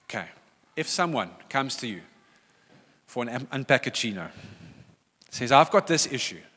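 Man, middle-aged pastor, bright lively voice, emphatic sermon, long hall reverb. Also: medium pitch, normal speed. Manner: animated, emphatic, repeats key phrases. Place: church hall.

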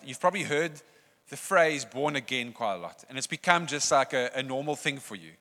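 A man preaching a sermon in a conversational, animated way, often laughing. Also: on the high side. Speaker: pastor. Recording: long reverb of a church hall.

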